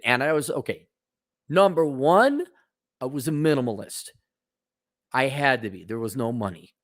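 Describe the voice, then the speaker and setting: A man's voice: fairly high pitch, no room sound, studio quality. A man hosting a casual advice rant, blunt and sarcastic, talking in a stop-start way. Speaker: host.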